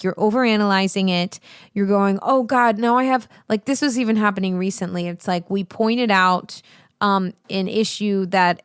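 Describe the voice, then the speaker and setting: Woman voice coach, casual and animated, salty language, smooth clear voice, close dry mic. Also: mid-range voice, no room sound. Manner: chatty, animated, swears freely, jumps between asides. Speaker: voice teacher and show host. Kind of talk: casual spoken lesson.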